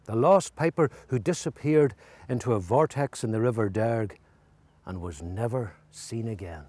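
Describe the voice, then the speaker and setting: A man's voice: medium pitch, moderate pace, darkish tone, no echo. A man presenting a scripted travel documentary narration.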